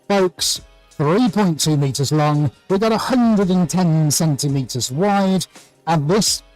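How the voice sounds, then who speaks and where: A man's voice: fairly high pitch, darkish tone, poor audio. Upbeat man hosting a live art stream. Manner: upbeat, chatty, greets viewers by name. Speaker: artist hosting a live painting tutorial. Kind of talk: live-stream chat and demonstration. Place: art studio.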